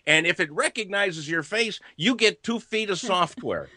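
A man's voice: high-pitched, animated, moderate pace, sharp tone, dry recording, studio quality. A man hosting a comedy news podcast, telling odd stories with chuckles and stumbling restarts. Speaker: podcast host.

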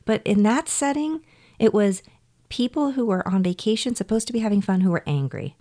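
A woman who is a guest on a podcast, telling stories expressively and jumping up in pitch when exasperated. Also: brisk, mellow. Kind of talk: casual chat.

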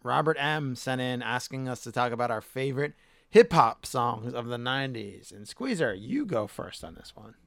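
A man's voice: mid-range voice, animated, normal speed, gravelly, fairly bright tone, dry recording, studio quality. A man co-hosting a casual podcast chat, swearing casually and losing his voice. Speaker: podcast co-host.

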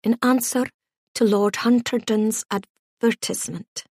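A woman's voice: on the high side, fairly even intonation, a little slow, darkish tone, breathy edge, dry recording, clean studio sound. A woman voicing a young woman applying as a governess, her speech prim and shaky yet tart.

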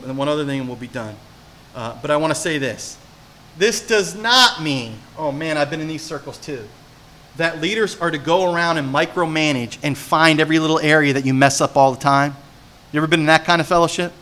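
A pastor from New Jersey delivers a sermon, telling animated stories and asking the congregation questions. His voice is fairly high, with a little hiss or hum in the recording.

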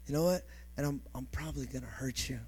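A male pastor preaching a sermon emphatically, building to shouts and calling for responses from the congregation. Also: medium pitch, fast talker, slightly rough.

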